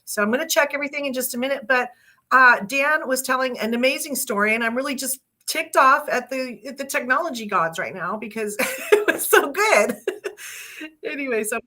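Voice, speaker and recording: A woman's voice: high-pitched, expressive, normal speed, pushed and bright. A woman hosting an interview series, upbeat and chatty, laughing often.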